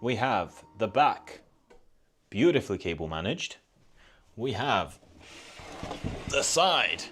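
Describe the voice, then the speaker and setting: A man's voice: fairly low pitch, sing-song, takes it slowly, long pauses, a bit bright, soft background music. A man hosting a live stream, chatting casually while he builds, rambling and restarting his sentences and laughing often.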